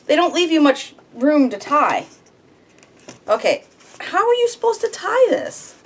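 A woman on her home farm chats to herself as she works, fretful and a little whiny. Her pitch leaps up and down, and it sits a bit higher than most women's. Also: sing-song, a little slow. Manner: fretful, whiny, talks herself through tasks. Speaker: homesteading vlogger. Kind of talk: casual self-talk while crafting.

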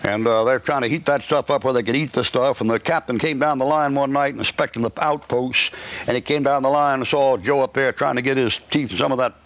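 A man's voice: mid-range voice, a little fast, fairly bright tone. A man preaching a live sermon at a church service, folksy and joking, rambling with restarts. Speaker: pastor.

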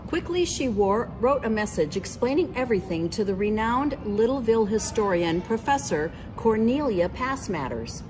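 Woman, storybook read-aloud, animated, fairly high, noisy background. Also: normal speed, few pauses. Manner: expressive, voices the characters. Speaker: teacher reading aloud. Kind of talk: picture book read-aloud.

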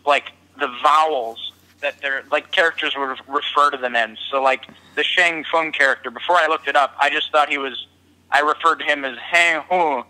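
A man's voice: a little high, normal speed, bright, forceful tone, low-quality recording. A man co-hosting a movie review podcast, rambling with restarts and lots of swearing. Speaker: podcast co-host. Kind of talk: casual movie review chat.

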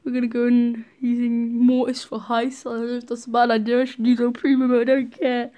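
A woman giving live gameplay commentary as a video host, excitable, cheering on and scolding her teammates. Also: fairly high pitch, fairly quick.

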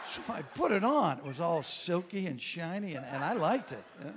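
A man's voice: on the high side, big pitch swings, moderate pace, a bit bright. A man doing a brash, self-mocking stand-up comedy set on a club stage. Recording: live club recording with crowd.

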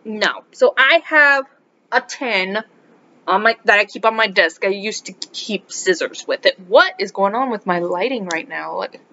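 A woman who teaches high school English, from South America, telling a story in a casual vlog, animated and exasperated, dropping to muttered asides. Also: unhurried, slight background noise. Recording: dull lo-fi recording.

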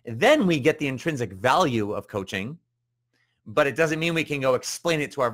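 A male coach hosts a live show and talks in a loose, rambling way, restarting his sentences and filling the gaps with "you know." His voice sits at a middling pitch. When he quotes other people, he jumps up higher and louder. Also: expressive, fairly quick. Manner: chatty and rambling, with many fillers and restarts. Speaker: business coach and show host. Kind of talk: casual live-show monologue.

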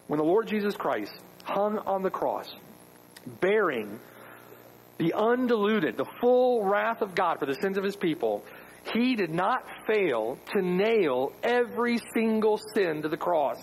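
A man's voice: sits high, sing-song, a little slow, poor audio. Pastor guy preaching hard, voice jumps all over, bit of hiss behind. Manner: emphatic preaching with rhetorical questions. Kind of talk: sermon.

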